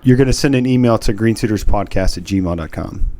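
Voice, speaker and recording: A man co-hosting a casual podcast, earnest and a little halting as he thanks listeners. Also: lowish voice, dark tone. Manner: earnest, repeats words as he talks. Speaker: podcast co-host.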